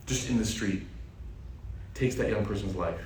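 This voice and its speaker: A man preaching, retelling a scripture story in a lively, conversational way to his audience. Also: fairly low pitch, normal speed, a little hiss or hum. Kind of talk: sermon storytelling. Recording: echoey room, distant mic.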